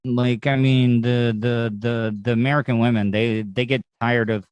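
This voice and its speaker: A man's voice: mid-range voice, little pitch movement, normal speed, background noise. A man hosting a podcast, asking blunt questions with stammers and restarts. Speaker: podcast host. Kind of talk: casual podcast interview.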